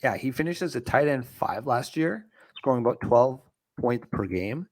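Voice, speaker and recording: A man's voice: medium pitch, lively intonation, moderate pace, darkish tone. Laid-back Canadian man co-hosting a sports podcast. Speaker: fantasy football podcast co-host. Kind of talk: casual sports podcast banter.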